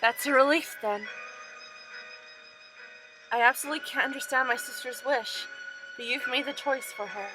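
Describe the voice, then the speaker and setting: A woman's voice: high voice, normal speed, long pauses, music in the background, close to an everyday voice, poor audio. A woman voicing a sincere, grieving young brother while reading a game aloud.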